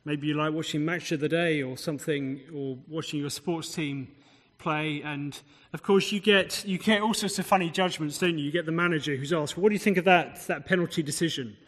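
Male preacher, conversational expository sermon, slightly raised pitch, long echo of a hall. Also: moderate pace, fairly bright tone. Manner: expository, conversational asides, rhetorical questions.

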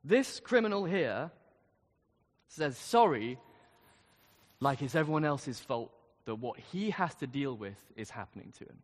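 A man's voice: mid-range voice, big pitch swings, measured pace. A man preaching a sermon, speaking earnestly and building to emphatic questions. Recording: long reverb of a large hall.

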